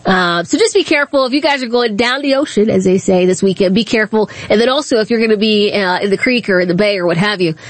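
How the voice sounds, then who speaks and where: With a mid-range voice and a quick pace that leaves hardly any pauses, a woman hosts a talk radio show and tells a story. Her casual monologue is chatty and she laughs easily, recorded on a studio microphone with no echo.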